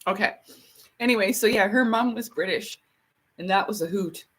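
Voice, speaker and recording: A woman's voice: mid-range voice, normal speed, fairly bright tone. A woman chatting casually on a livestream, rambling and laughing often. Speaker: livestream host.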